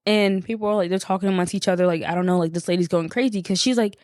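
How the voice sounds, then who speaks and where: A woman's voice: mid-range voice, quick pace, hardly any pauses, darkish tone, no echo, studio quality. A young woman, a podcast co-host, telling a story in casual chat, swearing and acting out the people she quotes.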